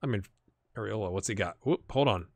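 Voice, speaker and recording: A man's voice: lowish voice, a little fast, no echo. A man giving casual commentary on a football management game, talking to his players on screen and chatting with viewers. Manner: excitable, talks to the players on screen. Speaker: gaming YouTuber. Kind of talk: casual Let's Play commentary.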